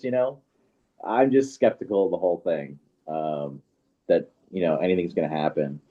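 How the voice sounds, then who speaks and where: A man's voice: deep voice, normal speed. A man co-hosting a casual livestream, sounding skeptical and hesitant, with many "you know"s. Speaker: co-host. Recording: dull lo-fi audio.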